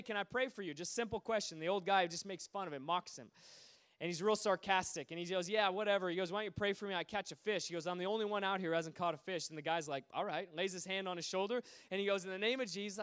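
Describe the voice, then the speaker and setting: A man preaching a sermon, telling stories with lively energy and acting out the voices of the people in them. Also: high-pitched, clean tone. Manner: animated, acts out quoted voices. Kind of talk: sermon storytelling.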